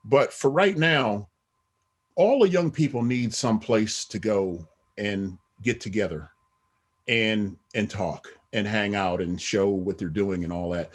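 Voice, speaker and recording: A man's voice: fairly low pitch, slow. A middle-aged man, a podcast guest, talking in a rambling casual way with many "you know what I mean" asides. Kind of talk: casual interview talk.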